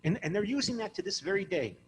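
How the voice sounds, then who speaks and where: Animated man lecturing in a reverberant hall. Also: high voice, quick pace, slight background noise. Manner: animated, rambling, self-interrupting. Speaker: university lecturer. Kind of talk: informal classroom lecture. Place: classroom.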